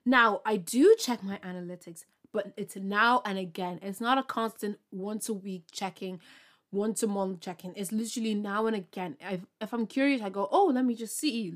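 A young woman talking through her solo podcast episode in a chatty, excitable way. She rambles and bursts with enthusiasm, sprinkling in ums and likes. Her pitch sits in a middle range. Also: normal speed. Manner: bubbly, excitable, rambling with many fillers and laughs. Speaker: podcast host. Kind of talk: casual solo podcast chat.

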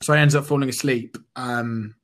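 A young man co-hosts a casual podcast chat and tells a story in a loose, rambling way. He fills gaps with ums and restarts his sentences often. His voice sits at an ordinary middle pitch. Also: normal speed. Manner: animated anecdote telling with many fillers and restarts. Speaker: podcast co-host.

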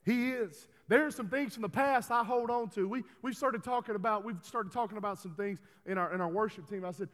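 A man preaching a folksy sermon in a church, building to loud, emphatic calls. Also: high voice, a little fast, hardly any pauses. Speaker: pastor. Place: church hall. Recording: reverberant church hall.

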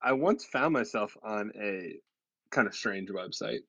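A man's voice: lowish voice, animated, a little slow, creaky, sharp tone, breathy edge. A man co-hosting a casual podcast, laid-back and hesitant with many fillers. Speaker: podcast co-host, pastor. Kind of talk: casual chat. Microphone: remote call.

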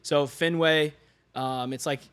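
Taking it slowly, this young man speaks in a smooth, fairly high voice. As a podcast guest and online fitness coach, he tells a story in a casual, animated way, laughing often and performing the voices of people he quotes.

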